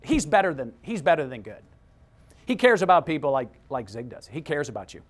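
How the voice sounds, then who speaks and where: A man speaking as a motivational keynote speaker, his pitch swooping up and down as he drives each point home. He is punchy and energetic and repeats short phrases for emphasis. He sounds like a storyteller working a room. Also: brisk. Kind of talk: inspirational keynote talk.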